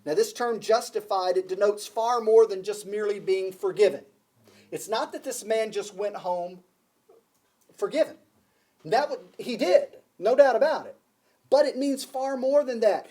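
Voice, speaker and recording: A man's voice: sits high, normal speed, a little mellow. A man preaching a sermon to a congregation, emphatic, repeating key phrases and asking the listeners questions. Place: church before a congregation.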